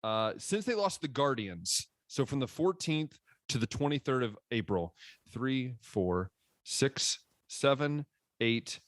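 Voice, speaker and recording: Male sports podcast co-host, mid-pitch, animated ranter, dry recording. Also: no room sound. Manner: animated, ranting with frequent restarts. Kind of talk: casual sports chat.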